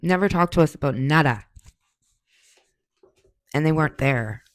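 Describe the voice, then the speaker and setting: A woman's voice: sits low, lively intonation, moderate pace, dry recording. Woman in her 40s ranting casually on a podcast, cusses a lot, dry close sound. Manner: blunt, profane, heated storytelling. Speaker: podcast host. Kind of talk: casual monologue answering questions.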